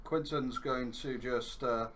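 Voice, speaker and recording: A man playing a tabletop game, describing his character's moves in a halting way. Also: medium pitch, steady tone, slight background noise. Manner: halting, with bursts of in-character shouting. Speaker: player.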